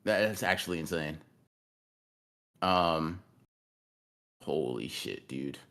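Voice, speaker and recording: A man's voice: extremely low pitch, slow, creaky, fairly bright tone. A man co-hosting a podcast in a casual livestream chat, rambling and cursing, often repeating his words. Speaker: podcast co-host.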